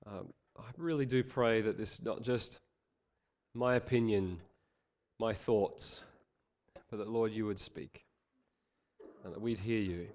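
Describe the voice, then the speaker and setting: A man preaching a sermon, praying and reading scripture in an earnest, measured way, slightly nasal from a head cold. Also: fairly low pitch, a little mellow, lo-fi sound. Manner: earnest, measured, some fillers.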